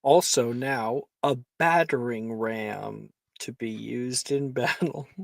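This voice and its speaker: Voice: medium pitch, slow, gravelly, no room sound. A game master running a tabletop game, chatty and explaining spells, laughing often.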